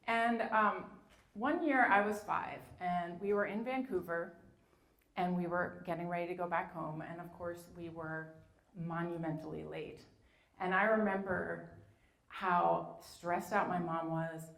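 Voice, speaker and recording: A woman's voice: lowish voice, fairly even intonation, a little slow, creaky, fairly bright tone. A woman in her fifties, from New York, telling a story from her childhood in a chatty way, with lots of "um"s and "like"s. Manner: chatty, many "um"s and "like"s. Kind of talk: personal story told live. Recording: echoey room.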